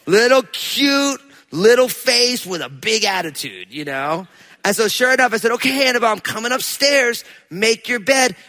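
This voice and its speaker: A man from New Jersey preaching a sermon, chatty and storytelling at first, then rising into loud, emphatic preaching. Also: high-pitched, animated, normal speed. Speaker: pastor.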